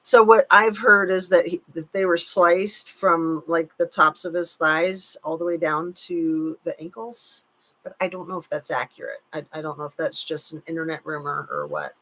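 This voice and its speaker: Hosting a relaxed live chat, this woman speaks at a moderate pace in a low-sitting, somewhat bright voice. She reads out viewers' comments and stays cautious, qualifying what she says.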